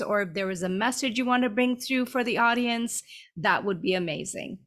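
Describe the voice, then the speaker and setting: Female podcast host, mid-pitched, chatty and gushing, casual fillers. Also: brisk. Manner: warm and effusive, many fillers. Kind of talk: casual interview chat.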